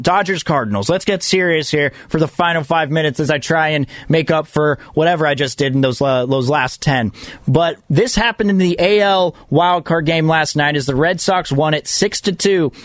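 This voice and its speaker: A man hosting a solo sports talk radio show, excitable and self-mocking, often repeating himself. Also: fairly high pitch, no room sound.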